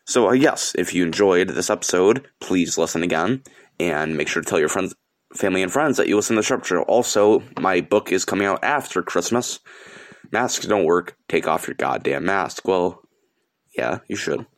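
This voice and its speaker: A teenage boy from upstate New York hosts his own podcast and rants about the news. His voice sits very low for his age. He talks in a loose, rambling way, swears often and gets angrier as he goes. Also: lively intonation, normal speed. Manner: angry, profane, rambling rant. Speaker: podcast host. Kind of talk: solo podcast rant.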